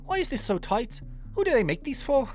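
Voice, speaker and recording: A woman's voice: sing-song, a little fast, a little mellow, faint music behind. Woman voicing a sing-song old spirit bear with a put-on Irish accent. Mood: fussy, doting. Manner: high, fluttery, sing-song, calls the player dear. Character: elderly female spirit bear, fussy and motherly. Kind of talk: reading game dialogue aloud in a voice.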